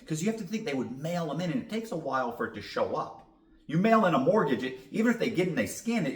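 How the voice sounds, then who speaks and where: A man's voice: mid-range voice, recorded from a distance. A man telling a story as a podcast guest, casual and blunt, swearing freely. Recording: roomy echo.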